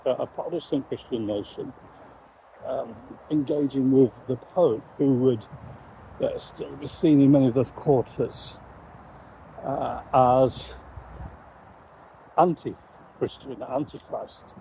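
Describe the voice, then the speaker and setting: A man, a Christian commentator, giving measured, reflective commentary on current events. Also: medium pitch, gravelly, warm tone, a little hiss or hum, low-quality recording.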